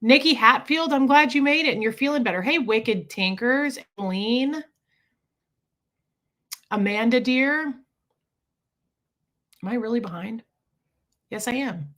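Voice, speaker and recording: A woman hosting a casual live stream from home, greeting viewers by name and chatting with them, her voice husky from just waking up. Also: a little high, fairly bright tone.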